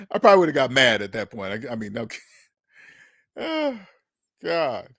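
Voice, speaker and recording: A man hosting a casual talk show, telling stories in an animated, profane way, laughing at himself and acting out what others said. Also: medium pitch, unhurried, gravelly, dry recording, studio quality. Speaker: podcast host. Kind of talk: casual storytelling monologue. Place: Seattle.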